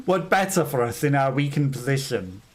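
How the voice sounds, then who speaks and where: A man streaming a video game, giving rambling, self-mocking commentary and laughing often. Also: mid-range voice. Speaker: let's play streamer. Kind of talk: casual gameplay commentary.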